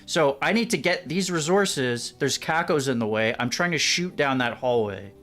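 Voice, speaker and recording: Male streamer, mid-pitch, casual and profane, narrating his own gameplay. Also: lively intonation, moderate pace, fairly bright tone, soft background music. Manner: talks while playing, swears freely. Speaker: streamer playing a shooter. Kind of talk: casual gaming chat while playing.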